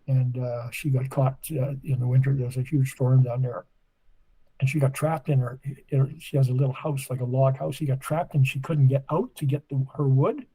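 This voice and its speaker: An eighty-something man from Nova Scotia, Canada, chats on a podcast, telling long, rambling stories in casual conversation. His mid-range voice is steady, warm and husky at a moderate pace, captured on a rough recording.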